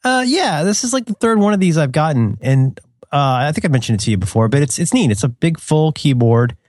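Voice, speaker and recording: A man's voice: on the high side, animated, fast, darkish tone, no echo, clean studio sound. A middle-aged man chatting casually as a podcast co-host, rambling with many restarts and laughing at his own jokes. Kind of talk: casual chat.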